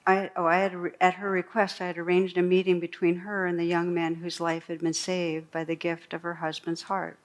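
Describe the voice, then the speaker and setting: A woman meditation teacher giving a dharma talk, reading a true story aloud in a slow, gentle storytelling voice with soft pauses. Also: lowish voice, little pitch movement. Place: meditation hall.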